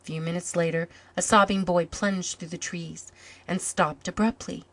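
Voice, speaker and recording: A woman narrating a storybook in an even, measured way. Her voice sits on the low side and stays calm throughout. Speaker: story reader.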